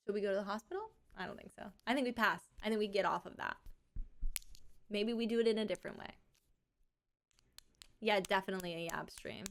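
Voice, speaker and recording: A young woman streamer telling stories in casual chat, with lively quoted asides. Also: medium pitch, brisk, long pauses. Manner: chatty storytelling, animated quoted asides.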